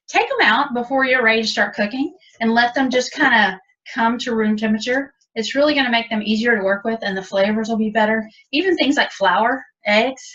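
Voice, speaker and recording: The woman here, a cooking instructor, chats her way through a step-by-step cooking demonstration. Her voice runs on the high side with a fairly bright tone, and the recording is dull lo-fi audio from a distance.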